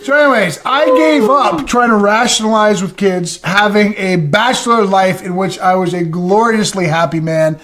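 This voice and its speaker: A man co-hosting a podcast, telling funny stories in a casual, animated and profane way. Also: high voice, normal speed, few pauses. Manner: animated, profane, self-mocking storyteller. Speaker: podcast co-host. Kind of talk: casual storytelling chat.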